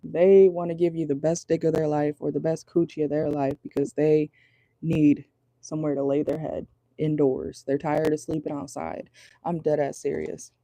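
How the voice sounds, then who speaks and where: A woman's voice: deep voice, flat delivery, normal speed, creaky, dark tone. A woman giving a casual, chatty tarot reading to her viewers, blunt and crude, laughing often. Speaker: tarot reader.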